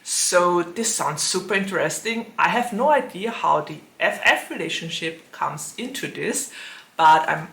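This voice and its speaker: A woman hosting her own book channel, chatting casually to the camera with a sore throat that leaves her voice lower than usual, laughing often between thoughts. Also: lively intonation, measured pace, gravelly, a bit bright. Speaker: booktube host. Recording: echoey room.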